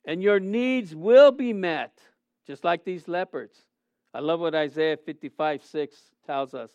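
A middle-aged man preaching a sermon as a pastor, earnest, swinging between soft and loud with frequent restarts. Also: fairly high pitch, unhurried, smooth, dry recording.

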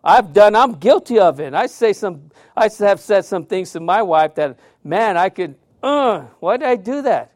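A man preaches with a high, lively voice, telling stories with sudden loud outbursts and hushed drops. His sound is dry and close, with no room echo. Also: moderate pace, hardly any pauses. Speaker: pastor. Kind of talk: sermon.

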